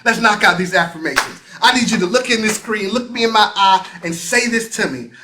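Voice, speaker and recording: Man, motivational host, preacher-like, call-and-response, high voice, energetic, video call. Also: brisk, noisy background. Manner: energetic, preacher-like, often shouting and repeating. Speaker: association CEO hosting a weekly motivational show. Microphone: live video call.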